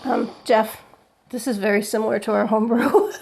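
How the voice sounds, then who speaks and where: A woman's voice: a little high, steady tone, normal speed, gravelly, darkish tone, slight background noise. A woman co-hosting a casual beer chat at home, teasing with brief replies. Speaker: co-host.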